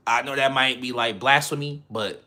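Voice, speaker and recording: Male livestreamer, bright ringing voice, casual rambling slang. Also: medium pitch, steady tone, normal speed. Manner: rambling, slangy, laughs often.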